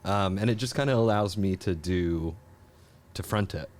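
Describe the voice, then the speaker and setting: A young man, a musician guest, chatting casually on a podcast in an easygoing, halting way. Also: low voice, darkish tone. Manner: easygoing, halting with repeated starts.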